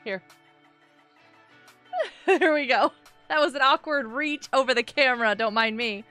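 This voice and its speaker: Woman streamer, high voice, bright tone, bubbly chatty delivery. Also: measured pace, faint music behind. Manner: bubbly and animated, frequent gasps and laughs. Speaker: livestream host. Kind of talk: casual live-stream chat to viewers while gaming.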